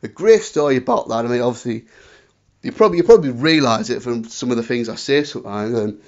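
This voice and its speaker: A man in his thirties with a Northeast English accent talks wrestling history in a relaxed, chatty way, breaking into loud impressions now and then. His voice sits mid-range. The recording is a little dull and lo-fi. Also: medium pitch, quick pace. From northeast England. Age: 30s. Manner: chatty, animated storytelling with shouted impressions. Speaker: podcast host. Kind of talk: casual wrestling commentary.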